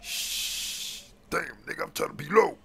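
A man's voice: fairly high pitch, moderate pace, vocal fry, pushed and bright, slightly rough, heavily acted. A man playing a crooked male police officer after a bribe, talking in slangy street speech full of stammered fillers, in an improvised game role-play. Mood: scheming.

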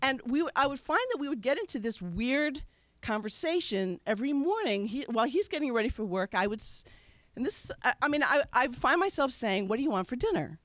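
High, lively woman telling a story. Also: brisk, dry recording. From Wisconsin, USA. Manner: candid, conversational, self-mocking. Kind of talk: live personal storytelling. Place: stage at a live storytelling show.

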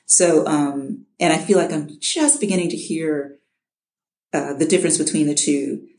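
A woman's voice: low voice, moderate pace, darkish tone, roomy sound. A middle-aged woman from Chicago, an audiobook narrator, talking casually in an interview, often restarting with repeated words and laughing.

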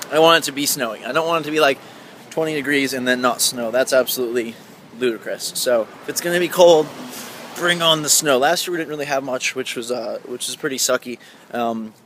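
A man's voice: a little high, a bit bright, a little hiss or hum. A man in his twenties from Indiana chatting casually in a rambling, upbeat vlog, filmed outdoors at night with a handheld camera. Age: 20s. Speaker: vlogger.

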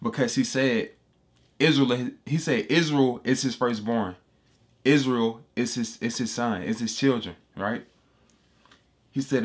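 This Bible teacher has a medium-pitched voice and an unhurried delivery. His take on scripture is casual but emphatic, full of repetition and street slang, and he refers to listeners as "bro."

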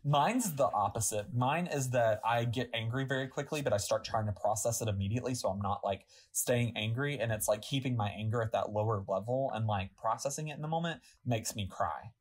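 A podcast co-host with a husky, slightly breathy voice at a middle pitch. The talk is casual and reflective, wandering through thoughts before landing on advice. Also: fairly quick, hardly any pauses. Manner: reflective, advice-giving, many "like" fillers. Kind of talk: casual chat.

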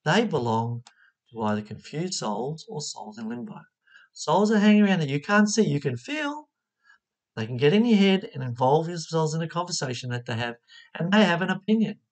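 A spiritual teacher giving a motivational talk, voice swinging widely in pitch. The delivery is expressive, with frequent questions put straight to the listener. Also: moderate pace.

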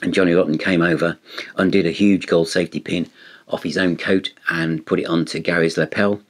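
Low, husky-voiced man chatting loosely through an album review. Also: fairly even intonation, fairly quick. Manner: rambling, conversational, many fillers and restarts. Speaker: music reviewer.

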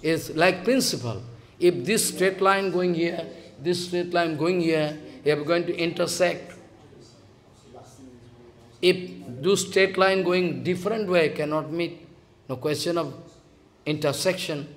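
A man's voice: on the high side, unhurried, long pauses. A man with a Bengali accent giving a devotional sermon as a spiritual teacher, emphatic and scolding, repeating phrases and acting out quotes.

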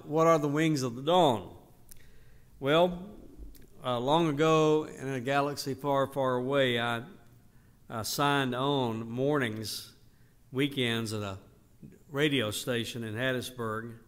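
An older man, teaching a Bible study in an unhurried, emphatic way. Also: mid-range voice, fairly bright tone. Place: church hall. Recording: reverberant church hall.

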